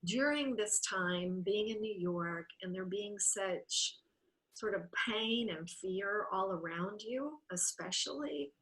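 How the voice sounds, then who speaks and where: A woman's voice: mid-range voice, takes it slowly, low-quality recording. A woman hosting a church devotional over a video call, talking heartfelt and emotional, close to tears at times. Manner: emotional, tearful at times, warm and effusive.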